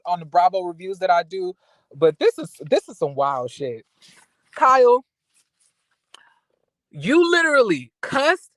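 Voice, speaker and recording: A man giving casual recap commentary on reality TV, animated and outraged, ranting with lots of profanity and restarts. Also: very high voice, no room sound, rough recording.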